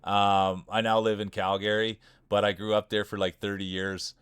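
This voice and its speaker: A man's voice: fairly low pitch, little pitch movement, moderate pace, fairly bright tone, clear, resonant tone, no room sound, clean studio sound. A man in his forties with a small-town Saskatchewan Canadian accent, hosting live marble races with rambling, hyped sports-announcer patter. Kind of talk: live stream commentary and chat.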